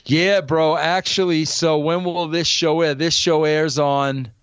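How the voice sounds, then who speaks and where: A man's voice: on the high side, measured pace, clear, resonant tone, no room sound, highs cut off. An older man hosting a podcast, talking bluntly and with energy, with "bro" in almost every thought. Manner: blunt, animated, says "bro" often. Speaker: podcast host. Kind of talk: casual podcast talk.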